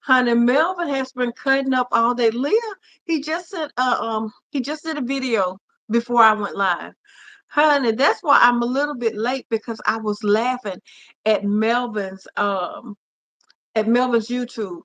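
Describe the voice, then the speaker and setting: A woman's voice: on the high side, a little slow, a bit bright. A woman hosting a casual livestream, chatting affectionately with viewers and calling them honey and cousin. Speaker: livestream host. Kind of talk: casual live chat with viewers.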